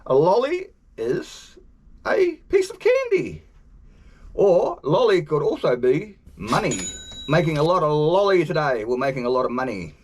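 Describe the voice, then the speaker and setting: A man's voice: fairly high pitch, very animated, moderate pace. A man with a New Zealand accent hosting a travel video, explaining slang in a jokey, playful way. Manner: jokey, playful, chuckling asides. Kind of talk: upbeat scripted explainer to camera.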